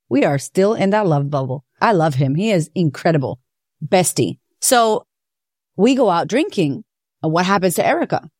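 A woman hosting a podcast, telling her own story in a candid, profane, animated way. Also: lowish voice, no echo, studio quality. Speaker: podcast host. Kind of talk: personal confessional monologue.

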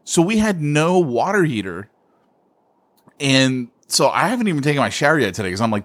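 Lively man telling a story with a laugh. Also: mid-range voice, fairly quick. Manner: laughing, self-mocking storyteller. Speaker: podcast co-host. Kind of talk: casual podcast storytelling.

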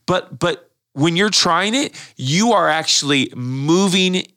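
A man's voice: fairly high pitch, lively intonation, slow pace, pushed and bright, no echo, clean studio sound. A male pastor explaining faith in a casual, earnest discussion, often repeating words as he restarts his thoughts.

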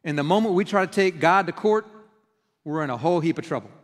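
A middle-aged pastor giving a conversational sermon, telling stories and acting out quoted outbursts. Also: male voice, on the high side, lively intonation, fast talker. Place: church sanctuary. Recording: long hall reverb.

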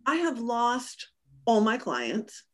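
A woman business coach telling a personal story in a casual interview, animated and often acting out her own remarks with laughs. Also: a little high, takes it slowly. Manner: animated, acts out quoted lines with laughs.

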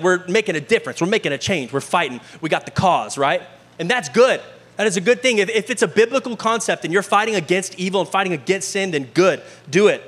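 A man with a fairly high voice delivers a sermon in an animated, conversational style. He keeps checking in with his listeners through quick rhetorical questions, and his energy rises and falls as he preaches. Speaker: pastor.

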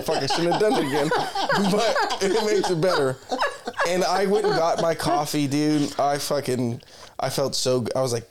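In casual podcast chat, a young male co-host wanders through rambling stories, swearing freely and interrupting himself. He speaks at a moderate pace in a higher-pitched voice with big swings in pitch.

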